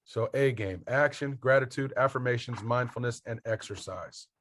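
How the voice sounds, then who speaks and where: A man's voice: medium pitch, moderate pace, fairly bright tone. A man, a basketball coach and mentor, talking as a podcast guest, earnest and motivational as he spells out his acronyms.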